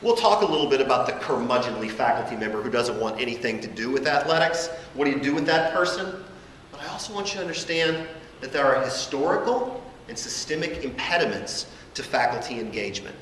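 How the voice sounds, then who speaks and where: A man presenting an academic conference lecture, deliberate and emphatic in his phrasing. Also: mid-range voice, animated, a bit bright. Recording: echoey hall with faint room noise.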